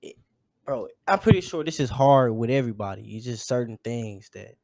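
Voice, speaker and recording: A man hosting a podcast in casual chat, halting and searching for words, with many restarts. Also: medium pitch, lively intonation, vocal fry, a little mellow, no room sound, studio quality. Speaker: podcast host.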